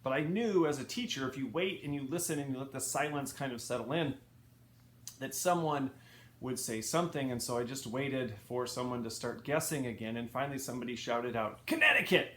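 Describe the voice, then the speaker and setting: A man's voice: mid-range voice, a little fast, slight background noise. A middle-aged man with a neutral Midwestern American accent telling a funny personal story with dry, wry asides. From Midwest, United States. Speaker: speaker, former college professor. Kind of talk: storytelling talk. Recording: echoey room with faint ambience.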